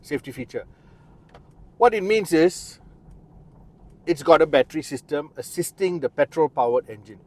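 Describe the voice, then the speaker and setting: A man's voice: fairly high pitch, expressive, normal speed, pauses often, a little mellow. A man giving a chatty, explanatory car review, talking straight to the viewer beside and inside the car. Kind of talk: casual car review walkaround.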